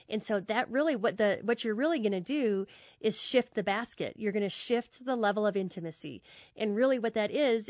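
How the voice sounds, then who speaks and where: A woman talking earnestly and warmly in a casual conversational teaching style, often repeating words as she thinks. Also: mid-range voice, no echo. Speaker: guest speaker on friendship. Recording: dull dry podcast audio.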